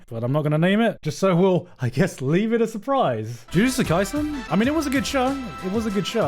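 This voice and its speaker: A man streaming live, reacting to anime award nominations in an emphatic, swearing, animated commentary. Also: fairly high pitch.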